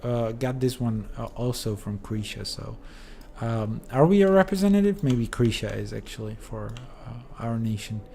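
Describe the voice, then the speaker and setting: A man's voice: medium pitch, moderate pace, hardly any pauses, warm tone. Sleepy, rambling male game streamer. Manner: rambling, hesitant, many fillers. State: sleepy, yawning. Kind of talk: casual let's play commentary.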